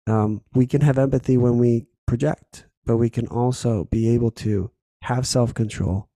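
Male podcast host, casual and candid, swears a lot, gravelly and dry-sounding. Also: medium pitch, steady tone, moderate pace, dark tone, dry recording. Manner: candid, swears freely, acts out little scenes. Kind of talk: casual solo podcast talk.

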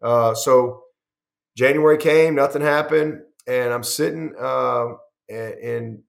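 Telling long stories with lots of animation, this middle-aged man, a head football coach, acts out quoted lines and restarts his sentences during a conversational interview. He speaks slowly in a mid-range voice with vocal fry.

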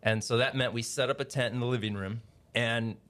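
A man's voice: mid-range voice, brisk. A middle-aged man, a pastor and guest author, talking in a casual podcast interview and telling family stories with growing animation. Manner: warm storyteller, grows animated and laughing in anecdotes.

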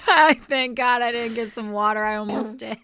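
Smooth, bright woman co-host. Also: on the high side, dry recording. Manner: playful, quick reactions and asides. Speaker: podcast co-host. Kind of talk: casual faith podcast chat.

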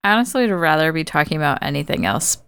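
A woman with a low, very clear and smooth voice talks through a film from her notes in relaxed podcast chat. She laughs often and swears freely. The sound is close and dry, with no room around it. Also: quick pace, dry recording. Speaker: podcast co-host. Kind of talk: casual movie recap chat.

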